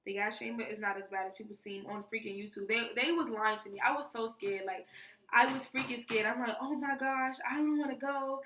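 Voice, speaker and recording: A young woman from New tells her training story in a casual, animated vlog, peppering her talk with "freaking". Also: medium pitch, brisk. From New York. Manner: animated, chatty, says "freaking" often. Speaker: soldier vlogger. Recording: echoey room, mic at a distance.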